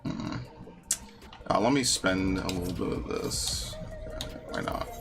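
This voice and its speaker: A man's voice: sits low, a little slow. Profane grumbling gamer man, game music behind. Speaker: gaming streamer. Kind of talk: casual live-stream commentary.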